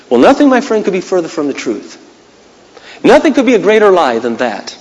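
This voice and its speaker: A male preacher delivers a sermon in an easy, conversational way, acting out little scenes as he goes. His voice is high for a man and swings widely up and down. A long reverb from a large hall trails behind him. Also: wildly swooping pitch, a little fast, a little mellow.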